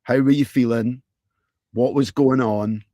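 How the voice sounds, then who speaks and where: A man's voice: medium pitch, steady tone, measured pace, mellow, no room sound, clean studio sound. A man hosting a podcast, asking long questions with many restarts and ums. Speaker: podcast host. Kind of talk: interview questions.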